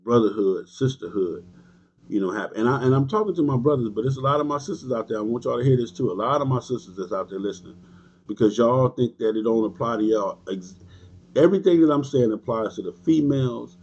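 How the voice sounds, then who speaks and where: Husky man lecturing bikers. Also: mid-range voice, expressive, fast talker, a little mellow. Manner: emphatic, repetitive, preachy; streetwise slang, talks back to commenters. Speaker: motorcycle club leader. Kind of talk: livestream monologue answering viewers. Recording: dull lo-fi stream audio.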